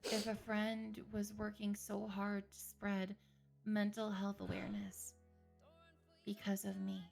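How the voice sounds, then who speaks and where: A woman therapist who is a guest on a livestream, speaking in a calm, reassuring, affirming way. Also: mid-range voice, slow, gravelly, faint music behind. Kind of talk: supportive conversation.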